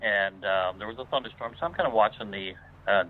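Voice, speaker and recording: Male guest telling a story by phone, lower voice, loose and filler-heavy delivery, phone-thin sound. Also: brisk, a little hiss or hum. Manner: rambling, many "uh"s and restarts. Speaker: guest paranormal investigator. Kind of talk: casual spoken storytelling. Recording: tinny phone line.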